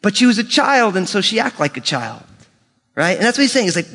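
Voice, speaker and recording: A man with a notably high speaking voice preaches a sermon to his congregation. He tells stories with lively animation and slows right down when reading scripture. His voice rings out with the long reverb of a large church hall. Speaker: pastor.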